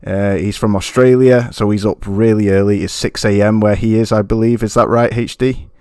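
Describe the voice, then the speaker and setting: A man's voice: lowish voice, fairly even intonation, fairly quick, a little mellow, no room sound, studio quality. A man hosting a gaming podcast, hyped and slangy, with plenty of fillers. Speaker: podcast host. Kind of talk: casual podcast intro.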